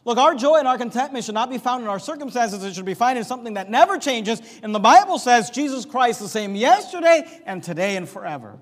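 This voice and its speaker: A man preaching a sermon as pastor, emphatic, swinging from quiet to loud. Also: extremely high pitch, big pitch swings, fast talker, hardly any pauses. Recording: long hall reverb.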